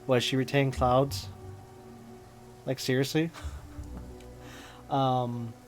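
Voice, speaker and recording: A man's voice: medium pitch, level tone, drawn-out words, faint music behind. A man commenting on a game playthrough, ranting with exasperation and mocking the characters. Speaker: gaming channel host. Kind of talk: let's play commentary.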